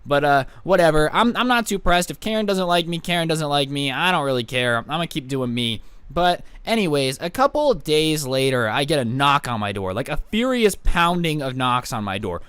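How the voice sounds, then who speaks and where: Brief: young male storyteller, sarcastic, smooth clear voice, dry close mic. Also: on the high side, normal speed, hardly any pauses, no room sound. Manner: sarcastic, animated retelling. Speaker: YouTuber. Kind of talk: storytime vlog narration.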